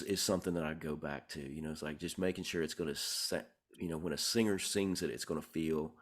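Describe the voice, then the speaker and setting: A man, a songwriter guest, telling stories in a relaxed, rambling way, with many fillers and restarts. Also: low-pitched. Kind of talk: conversational interview storytelling.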